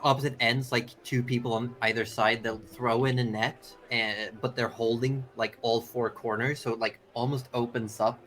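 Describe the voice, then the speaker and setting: A man's voice: medium pitch, little pitch movement, moderate pace, hardly any pauses, fairly bright tone. A man running a tabletop game as game master, narrating in a loose, casual way full of fillers.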